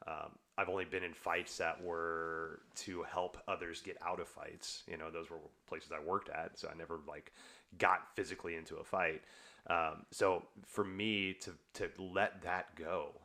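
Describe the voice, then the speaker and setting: A man hosting a podcast, talking candidly and casually, swearing freely and getting animated when he retells a story. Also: sits low, a little slow, creaky. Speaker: podcast host. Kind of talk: casual conversation.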